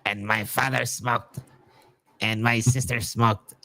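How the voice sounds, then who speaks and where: A man doing an impression of a weary middle-aged stand-up comic, delivering the lines slow and deadpan. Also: medium pitch, vocal fry, no echo, full character voice.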